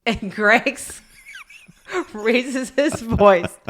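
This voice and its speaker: A woman's voice: on the high side, drawn-out words, fairly bright tone. A woman co-hosting a parenting podcast, telling a family story in a casual, chatty way, often laughing and acting out what people said.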